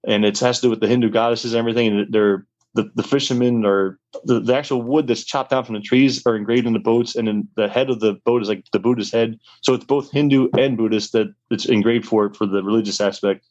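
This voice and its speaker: A young man races through a story in a loose, rambling way, leaning on fillers and restarts. His pitch sits in the middle, and the recording sounds dull and muffled. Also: steady tone, quick pace, few pauses, darkish tone. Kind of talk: casual storytelling.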